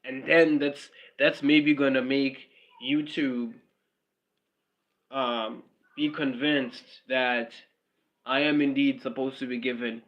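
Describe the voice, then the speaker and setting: A man's voice: mid-range voice, steady tone, slow pace, lo-fi sound. A man with a South African accent rambling casually on a livestream, with repetitive fillers and mocking asides.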